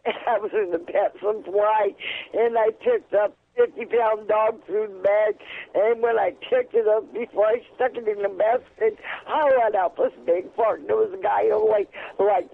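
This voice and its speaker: A woman calling in to a chat show, talking earnestly in halting bits and repeating herself. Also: mid-range voice, vocal fry. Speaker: caller. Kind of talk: casual chat on a call-in show. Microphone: telephone. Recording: tinny phone line.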